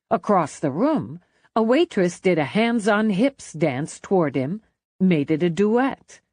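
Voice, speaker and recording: A woman narrating a mystery audiobook in a measured, expressive manner, close to the mic. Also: fairly low pitch, no echo. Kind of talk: scripted narration.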